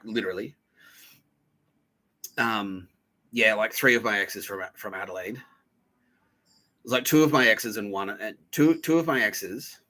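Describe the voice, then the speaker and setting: Aussie guy podcasting, swears a lot, rambly, husky bright voice. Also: fairly low pitch. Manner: rambling, profane, laughs at his own stories, mimics others in quick asides. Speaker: podcast host. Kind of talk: casual storytelling monologue.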